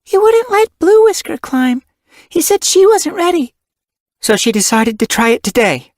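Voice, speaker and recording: A man's voice: very high voice, very animated, moderate pace, darkish tone, no echo, clean studio sound, pitched above the performer's own voice. A man doing a piping little she-kit. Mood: earnest. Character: earnest little female kit cat.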